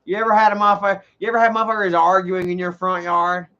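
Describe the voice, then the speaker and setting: A man's voice: high voice, fast. Profane, rambling man. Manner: rambling, profane, animated storytelling. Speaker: livestream host. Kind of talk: casual storytelling on a livestream. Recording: dull lo-fi stream audio.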